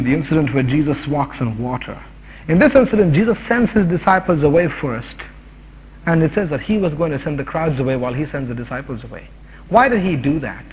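A man teaching a sermon on a Bible passage, animated and rising to shouted exhortations. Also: a little high, husky. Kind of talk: expository sermon. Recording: long hall reverb.

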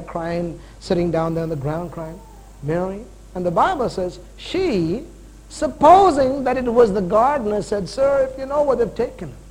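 A man in his forties preaching a sermon with a high, lively voice that climbs and drops all over. He swings from loud, punchy emphasis to hushed, drawn-out points. A faint hum sits underneath. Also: poor audio. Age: 40s. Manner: animated preaching with rising and falling emphasis.

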